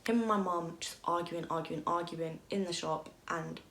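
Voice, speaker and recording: Young woman, vlogger, candid emotional storytelling, slightly low voice, roomy echo. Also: fairly even intonation, normal speed, fairly bright tone, a little hiss or hum. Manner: candid, emotional retelling with frequent "like" and swearing. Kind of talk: storytime vlog. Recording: echoey room.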